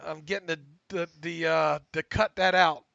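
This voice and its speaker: A man co-hosting a casual sports talk podcast, excitable, often stammering and repeating words as he reads listener questions. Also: on the high side, moderate pace, gravelly, a little hiss or hum. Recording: dull lo-fi audio.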